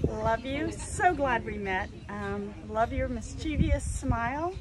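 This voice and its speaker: A woman's voice: fairly high pitch, lively intonation, slow pace, very noisy. A woman recording a playful, bubbly birthday message. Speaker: friend giving birthday wishes.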